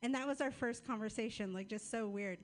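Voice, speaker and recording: Woman stand-up comic, fairly high voice, crude, laid-back storytelling. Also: a little fast. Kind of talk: stand-up set, then feedback chat.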